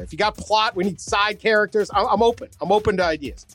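A man hosting a sports podcast in casual chat, joking and animated, often trailing off quietly. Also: high voice, quick pace, slightly rough, soft background music. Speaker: podcast host.

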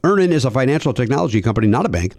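A man's voice: mid-range voice, big pitch swings, racing, a little mellow, no echo, clean studio sound. A man hosting a podcast, doing ad reads with playful, teasing banter. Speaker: podcast host. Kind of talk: ad read with banter.

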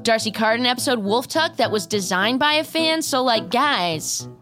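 Giggly high-voiced woman co-host. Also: moderate pace, music in the background. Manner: giggly, animated. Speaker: podcast co-host. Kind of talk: improv comedy podcast chat.

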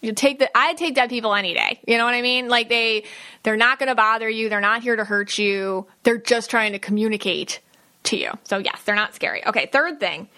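Woman podcast host, chatty and bright, casual solo talk full of asides. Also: fairly high pitch, a little fast. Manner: chatty, lots of fillers and quoted asides. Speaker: podcast host, psychic medium.

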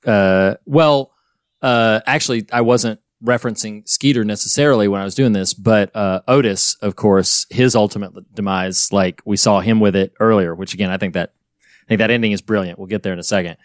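Low-voiced guy chatting about a movie on a podcast, lots of ums and restarts, dry close sound. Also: fairly quick, dry recording. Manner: animated, many fillers and restarts. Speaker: podcast co-host. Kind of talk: casual film discussion.

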